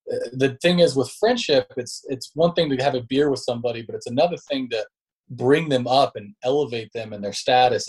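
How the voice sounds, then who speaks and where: Dude chatting on a podcast about sales stuff, super casual, says bro a lot, normal pitch. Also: male voice, a little mellow, husky. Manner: laid-back, slangy, says bro and dude. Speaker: podcast guest, sales leader. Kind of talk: casual storytelling interview talk.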